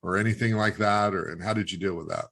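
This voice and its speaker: A man hosting a podcast, asking halting questions full of fillers. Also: low voice, creaky, fairly bright tone. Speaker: podcast host.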